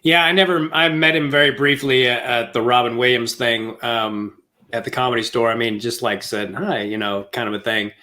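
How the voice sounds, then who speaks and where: A man's voice: mid-range voice, little pitch movement, normal speed, pushed and bright. A man hosting a podcast in casual chat, laid-back and swearing freely. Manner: laid-back, profane, chuckling. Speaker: podcast host.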